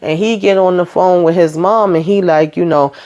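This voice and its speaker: A woman's voice: lowish voice, steady tone, normal speed, darkish tone. A woman hosting a casual show recap, chatty and full of asides, retelling scenes by quoting what people said.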